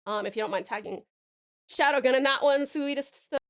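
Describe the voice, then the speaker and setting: A woman from Tasmania, Australia, with an Australian accent, streams live in a high, brisk voice. She chats casually, giggles and bubbles along, showering her viewers with pet names.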